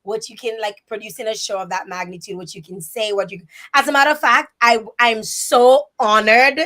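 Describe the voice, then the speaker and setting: Woman host, from Dominica, fairly high voice, chatty, reads out comments, live online interview. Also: normal speed. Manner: animated and emphatic, many restarts.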